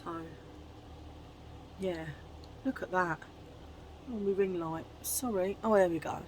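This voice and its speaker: A woman chatting casually to camera at home in a chummy way, full of quick asides. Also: lowish voice, background noise. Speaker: haul vlogger.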